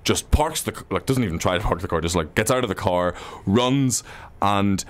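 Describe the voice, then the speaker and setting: Man, very low voice, hushed casual anecdote, radio guest. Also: animated, normal speed. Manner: hushed storytelling with fillers.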